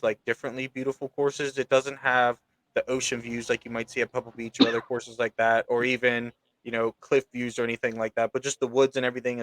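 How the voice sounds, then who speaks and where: A man co-hosting a sports podcast, talking through his picks in an unhurried way with lots of fillers. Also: mid-range voice, no room sound, rough recording. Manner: even, unhurried, lots of ums and likes. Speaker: podcast co-host. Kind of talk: casual sports podcast talk.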